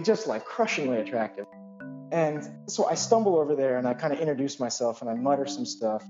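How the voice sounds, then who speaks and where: A male physician telling a personal anecdote in an animated, self-deprecating way, full of asides. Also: fairly high pitch, lo-fi sound.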